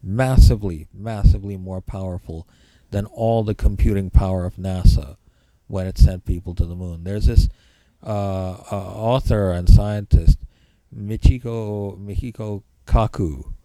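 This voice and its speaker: A man's voice: sits low, steady tone, moderate pace, mellow, no echo, rough recording. A man giving an informal spoken history lecture, rambling and repeating key points for emphasis.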